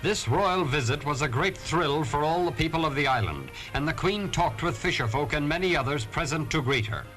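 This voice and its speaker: A man's voice: a little high, big pitch swings, normal speed, few pauses, music in the background, rough recording. A man narrating an old newsreel in a formal, clipped, scripted way.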